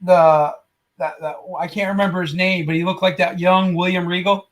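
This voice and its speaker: A man guest in a casual chat, telling stories haltingly with many fillers. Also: high voice, level tone, low-quality recording.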